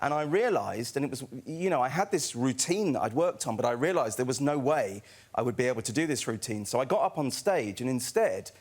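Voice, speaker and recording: A man's voice: medium pitch, lively intonation, a little fast. A man on a chat show, telling a self-deprecating anecdote with laughs in a TV studio. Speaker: guest comedian. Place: TV studio with audience.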